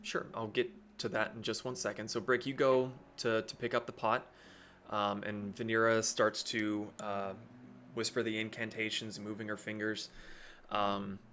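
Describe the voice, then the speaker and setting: A man's voice: on the low side, level tone, normal speed, fairly bright tone, slight background noise. A man narrating as game master of a tabletop game, with a rambling delivery full of fillers and restarts.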